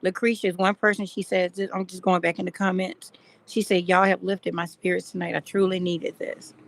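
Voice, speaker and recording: A woman's voice: lowish voice, little pitch movement, a little fast, creaky, low-quality recording. A woman hosting a casual live chat, encouraging her guest and reading out viewer comments. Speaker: host.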